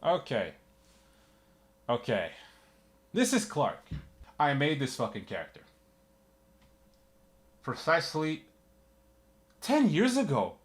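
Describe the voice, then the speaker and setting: A man giving rambling, sarcastic comedic commentary, swearing often and jumping up in pitch for jokes. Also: huge pitch swings, slow pace, long pauses. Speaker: YouTube comedy host. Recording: music playing behind.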